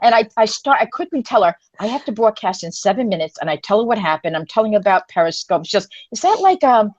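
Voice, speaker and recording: A woman co-hosting a live online community stream, telling a story in a rambling, animated way with lots of fillers and restarts. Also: quick pace, no room sound, lo-fi sound. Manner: animated, acts out quoted voices in a higher pitch. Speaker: co-host of an online women's livestream community. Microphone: phone or webcam on a live stream.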